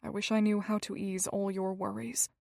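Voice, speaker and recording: A woman voicing a gentle, shy young male doctor in an audiobook, soft-spoken, hesitant and tender. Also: medium pitch, normal speed, dry recording, studio quality, natural voice.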